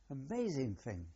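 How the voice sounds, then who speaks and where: Speaking in a muffled recording, an elderly Welsh man who served in the war tells his story for an oral history, stumbling and starting over often as he rambles. His medium-pitched voice is mellow and husky, with vocal fry.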